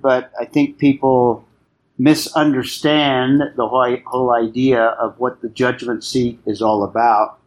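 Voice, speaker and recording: A man leads a Bible study class at an ordinary pitch. He talks in a measured, explanatory way and stops now and then to quiz the class.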